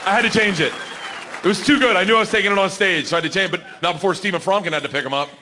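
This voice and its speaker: A man doing a loud, excitable stand-up comedy set on stage, his storytelling often rising toward a shout. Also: high-pitched, very fast. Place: comedy stage before a laughing audience. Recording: live show with loud crowd laughter and noise. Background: crowd laughter.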